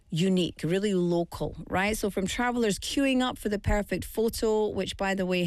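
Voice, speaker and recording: A woman's voice: medium pitch, darkish tone, no room sound. A woman hosting a show in casual, chatty talk, rambling with asides and filler words. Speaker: show host. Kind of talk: casual chat.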